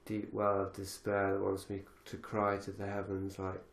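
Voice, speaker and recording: A man's voice: low-pitched, completely flat delivery, normal speed, reverberant. A man hosting a podcast conversation, reflective and thinking aloud with many fillers and restarts. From lives in Galicia. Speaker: podcast host.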